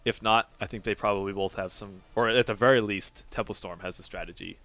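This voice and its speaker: A man's voice: lowish voice, steady tone, fairly quick, a bit bright, no room sound. A young man co-casting an esports match, playful and analytical, on a headset mic. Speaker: esports co-caster. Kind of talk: casual esports commentary.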